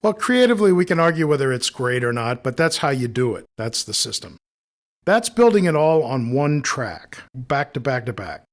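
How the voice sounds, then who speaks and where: Relaxed man explaining software steps. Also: medium pitch, normal speed. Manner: relaxed, explanatory, thinking aloud while demonstrating. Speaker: audio editing instructor. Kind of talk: screen-recorded software tutorial.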